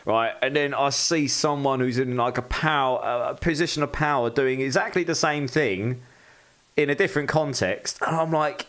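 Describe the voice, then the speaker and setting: A man chatting loosely to his live stream audience. His voice sits at an ordinary middle pitch, and he talks in a candid, chatty way, thanking viewers as he goes. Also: moderate pace, a bit bright. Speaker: game streamer. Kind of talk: casual live-stream chat.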